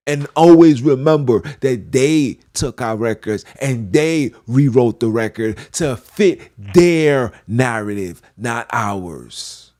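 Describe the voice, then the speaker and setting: A man's voice: mid-range voice, lively intonation, slow, few pauses, dark tone. A man preaching a fervent, repetitive monologue as a podcast host, slipping into archaic scripture phrasing.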